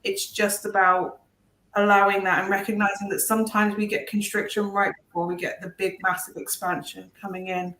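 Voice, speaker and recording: A woman's voice: mid-range voice, level tone, fairly quick, a bit bright, reverberant, low-quality recording. A woman giving a meandering, earnest and reassuring spiritual message on a video call. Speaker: intuitive reader.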